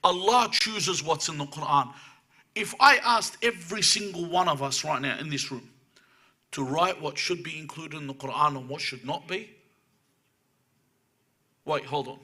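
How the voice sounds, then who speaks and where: A man's voice: on the high side, moderate pace, long pauses, pushed and bright, breathy edge. A man giving a religious lecture to a live audience in a room, driving his points home with emphatic rhetorical questions.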